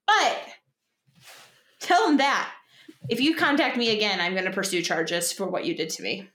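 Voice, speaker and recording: A woman's voice: medium pitch, very animated, normal speed, a bit bright, roomy sound. A young woman co-hosting a casual advice podcast, chatty and full of fillers. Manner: chatty storyteller, lots of fillers and acted quotes. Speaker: podcast co-host.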